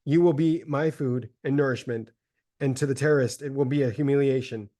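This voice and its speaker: A man voicing a starving, grief-mad mother in a solemn, measured dramatic reading of a religious text. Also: mid-range voice, mellow, lightly acted. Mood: desperate tender.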